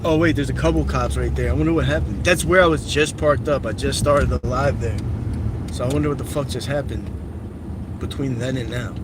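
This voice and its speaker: Live streaming as he drives through city streets, a young man rambles bluntly with strong opinions and frequent cursing. His voice sits in the mid range, with fairly even intonation and a brisk pace. The noisy car interior picks up traffic and street sounds.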